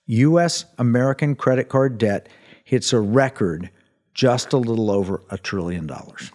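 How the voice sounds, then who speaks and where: A man's voice: medium pitch, expressive, normal speed, mellow. Male radio host, earnest explainer, restarts often, mid-range voice. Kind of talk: talk radio discussion.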